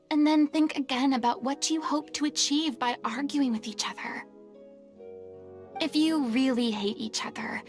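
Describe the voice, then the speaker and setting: An actress playing a stern but caring young woman who lectures two quarreling actors, in game voice acting. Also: a little high. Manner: firm, lecturing.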